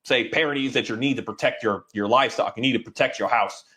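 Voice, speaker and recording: A dog trainer talks casually and rambles, restarting often and acting out little voices for dogs. His voice is medium in pitch, fast, bright, and forceful.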